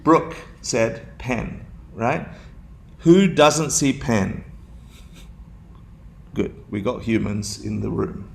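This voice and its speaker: A man's voice: medium pitch, lively intonation, extremely slow, creaky, long pauses, slight background noise. A man teaching a dharma class to a room of students, playful, laughing often and putting questions to them.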